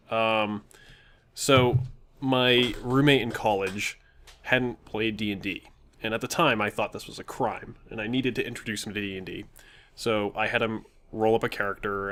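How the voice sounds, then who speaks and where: A young man telling a long tabletop game story in a casual chat, animated and often laughing as he quotes the players. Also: fairly low pitch. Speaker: podcast co-host telling a story.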